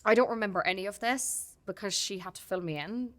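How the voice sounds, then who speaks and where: Irish woman, podcast guest, bright forward voice, candid and heartfelt storytelling. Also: medium pitch, brisk. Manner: open and heartfelt, many restarts. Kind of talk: candid casual chat.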